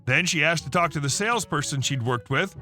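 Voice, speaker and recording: A man reading an online story aloud in a chatty first-person voice. His voice sits high and swings lively, with a very bright, cutting edge. Faint music plays underneath. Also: a little fast. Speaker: story narrator. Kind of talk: scripted narration of an online story.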